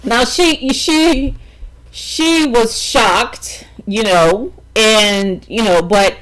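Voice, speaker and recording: A woman's voice: on the high side, drawn-out words, fairly bright tone, rough recording. A middle-aged woman vlogging a personal story, emphatic and talking straight to her viewers with frequent check-ins.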